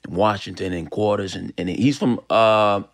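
A man's voice: fairly low pitch, moderate pace. Rambling man from Los Angeles. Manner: rambling storyteller with restarts. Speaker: actor guest. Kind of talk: casual interview chat.

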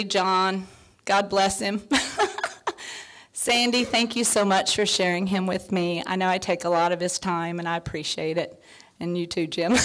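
A woman in her fifties giving a heartfelt, near-tearful award acceptance speech, full of thanks, fillers and soft laughs. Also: lowish voice. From Texas. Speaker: award honoree.

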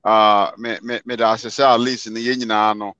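A man's voice: fairly low pitch, flat delivery, moderate pace, bright, forceful tone, clear, resonant tone, dry recording, lo-fi sound. A man in a casual discussion, pleading earnestly and repeating words as he talks. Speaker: discussion participant. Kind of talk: casual discussion in Twi mixed with English.

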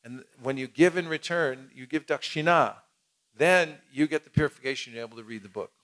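A man's voice: medium pitch, fairly quick, fairly bright tone. A man leading a teaching seminar, talking casually and acting out demonstrations. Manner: casual, demonstrative, plain-spoken.

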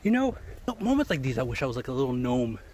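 A young man quietly narrating a vlog while out in a park, musing softly to himself. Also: medium pitch, big pitch swings, quick pace, a little hiss or hum. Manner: soft-spoken, musing to himself. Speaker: vlogger. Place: outdoors in a park.

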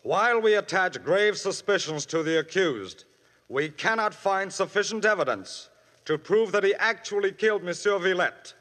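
A grave jury foreman speaks formally in a high, bright voice. A long reverb and faint music sit behind him. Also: expressive, moderate pace. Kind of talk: 1940s radio acting.

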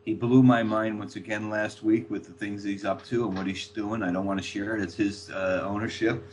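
An older man with a fairly low voice tells anecdotes with energy, slipping into the voices of the people he quotes. A faint hum sits under the recording. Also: normal speed. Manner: animated anecdote teller, acting out quoted voices. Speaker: author guest. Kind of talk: storytelling anecdotes.

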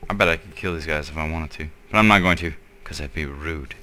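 A man's voice: extremely low pitch, quick pace, pushed and bright, slight background noise. A young man giving casual, sarcastic commentary while playing a game, muttering and swearing at what he sees. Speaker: gameplay commentator. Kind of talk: casual let's-play commentary.

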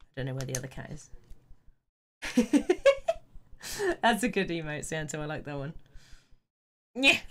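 Giggly Englishwoman with a lively voice. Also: low voice, a little slow, pauses often, slight background noise. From southern England. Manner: giggly, chatty, talks to her cats and chat. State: lingering cough. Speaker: game streamer. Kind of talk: casual live-stream chat.

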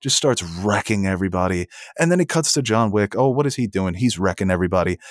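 Fast and lively, a man with a voice on the low side co-hosts a casual film podcast, laughing while he talks and swearing frequently as his enthusiasm spills over. It's a dry, clean studio recording.

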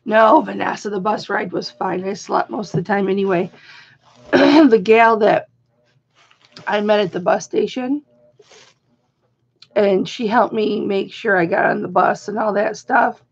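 A middle-aged woman chatting casually in a vlog, rambling through an animated story. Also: medium pitch, measured pace, creaky, long pauses, husky, dull audio. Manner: rambling, animated retelling with quoted voices. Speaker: vlogger.

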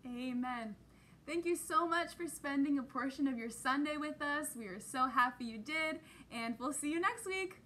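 A woman's voice: high voice, normal speed, pushed and bright. A woman teaching a children's Bible lesson, upbeat and encouraging, leading the kids in call-and-response. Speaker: Sunday school teacher.

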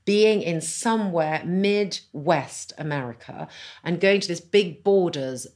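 A middle-aged woman, a novelist, chatting as a podcast guest, telling anecdotes in an animated, self-deprecating way. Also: on the low side, slow. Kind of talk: conversational interview, anecdotal storytelling. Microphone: podcast microphone.

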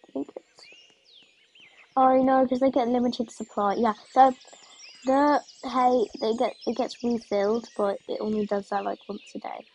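A woman chatting casually as she vlogs, rambling along and trailing off into soft asides. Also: a little high, steady tone, moderate pace. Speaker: vlogger. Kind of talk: casual vlog chat.

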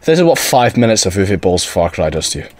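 A man's voice: low-pitched, very animated, a little fast. A young man giving sweary, exasperated comedic commentary over gameplay. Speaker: gaming YouTuber.

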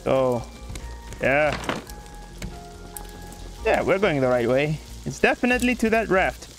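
A man commentating a survival game, talking in a jokey put-on Irish lilt, excitable and swearing as he yells at the game. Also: a little high, measured pace, faint music behind. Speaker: gaming YouTuber. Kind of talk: let's play commentary.

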